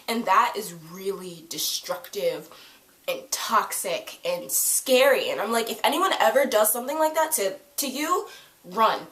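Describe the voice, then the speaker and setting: Excitable woman reviewing TV, echoey room. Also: on the high side, moderate pace. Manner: excitable, gushing, swears freely. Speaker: TV episode reviewer. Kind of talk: casual fan review.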